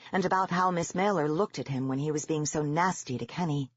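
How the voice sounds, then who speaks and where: Husky audiobook narrator reading a horror story. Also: mid-range voice, no room sound, dull audio.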